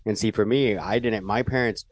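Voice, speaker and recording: A man's voice: lowish voice, normal speed, no room sound. A man in casual chat who adds short reactions and wry remarks to a friend's story.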